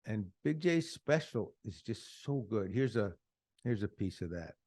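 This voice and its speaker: A man's voice: fairly low pitch, animated, a little slow, a little mellow, no room sound, clean studio sound. A man hosting a podcast in casual chat, praising things in a rambling, enthusiastic way. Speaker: podcast host.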